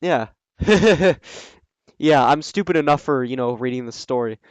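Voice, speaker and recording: A man reading a story aloud and breaking in with sarcastic, scoffing asides, often pausing with ums. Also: medium pitch, lively intonation, smooth, no echo, low-quality recording. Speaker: reader and commentator. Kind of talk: reading a fan story aloud with mocking commentary.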